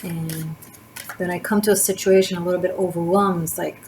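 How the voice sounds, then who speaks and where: Her fairly low, gravelly voice keeps a fairly even intonation and a brisk pace as she gives a chatty, wandering tarot reading packed with fillers. Recorded indoors by a street, faint sirens and motorcycle noise leak in from outside.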